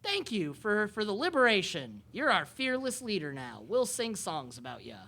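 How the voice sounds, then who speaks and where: A woman's voice: medium pitch, big pitch swings, normal speed, a bit bright. A woman voicing a chatty herd of grateful goats in a tabletop game, folksy and gossiping. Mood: gossipy.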